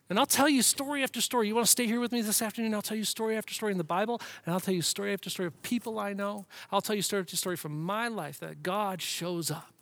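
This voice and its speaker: A man preaching a sermon with passion, rhythmic and repetitive, swinging between hushed whispers and loud emphatic lines. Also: high voice, dry recording. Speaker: pastor.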